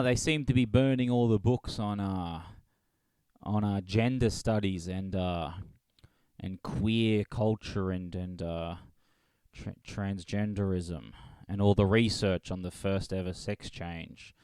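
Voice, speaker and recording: A man's voice: low-pitched, steady tone, slow, darkish tone, clear, resonant tone, dry recording. A man hosting a solo comedy podcast, rambling and swearing as he laughs at his own jokes. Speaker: podcast host.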